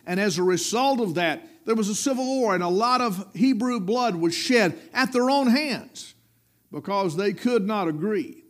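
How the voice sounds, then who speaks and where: A middle-aged man preaching a sermon, with rising emphatic peaks and low dropped endings. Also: animated, moderate pace.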